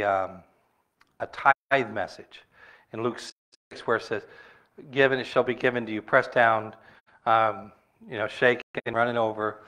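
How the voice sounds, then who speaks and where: A man's voice: medium pitch, a bit bright. A middle-aged male pastor preaching a sermon in a conversational, storytelling way, full of rhetorical questions to the congregation.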